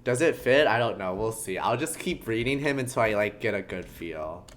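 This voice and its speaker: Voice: mid-range voice, animated, normal speed, slight background noise. A streamer chatting casually while reading a game aloud, giggly and full of fillers.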